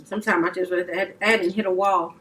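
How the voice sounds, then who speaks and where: A woman's voice: fairly low pitch, steady tone, brisk, a bit bright, far from the mic, low-quality recording. A woman from Louisiana co-hosting an eating video, chatting casually and laughing easily. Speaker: mukbang co-host. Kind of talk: casual chat while eating. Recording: voice from a bit away, light hiss.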